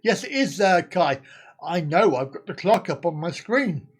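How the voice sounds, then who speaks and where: A man's voice: high voice, big pitch swings, normal speed, slight background noise. A man hosting a casual live stream, chatting and laughing as he answers viewer comments.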